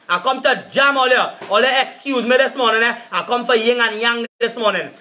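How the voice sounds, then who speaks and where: A Trinidadian man rants live to his viewers, his voice pitched unusually high for a man. The tone is sharp and forceful. He cusses, repeats his jabs, and calls people out one after another. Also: brisk, few pauses. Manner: cussing, repetitive, confrontational. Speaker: live-stream vlogger. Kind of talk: angry live-stream rant.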